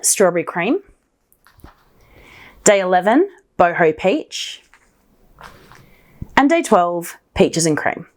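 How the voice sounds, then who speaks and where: A woman hosting a knitting podcast, talking in a casual, gushing, excitable show-and-tell style. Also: mid-range voice.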